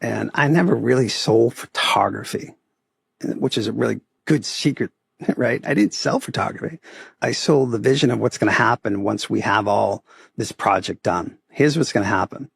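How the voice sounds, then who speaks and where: A middle-aged man with a Boston accent, his voice gravelly and a little husky. He tells his stories animatedly, acting out the people in them, and the sound is close and dry. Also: on the low side, normal speed, no echo. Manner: animated storyteller, acts out quoted voices, often adds "right?". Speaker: podcast guest, photography business owner. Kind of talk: casual interview storytelling.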